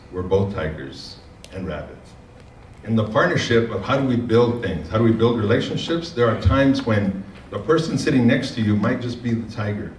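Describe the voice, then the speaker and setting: A man's voice: on the low side, slight background noise. Man giving a folksy conference talk. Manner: folksy, repeats words and uses fillers. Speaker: conference speaker. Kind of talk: keynote talk with storytelling. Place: large conference room. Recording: echoey room, speaker far from mic.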